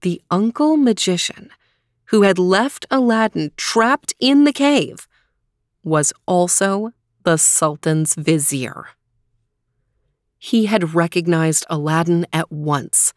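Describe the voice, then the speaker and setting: A woman narrating a fairy tale in a clear, expressive storybook reading. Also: fairly low pitch, slow pace, no room sound, studio quality.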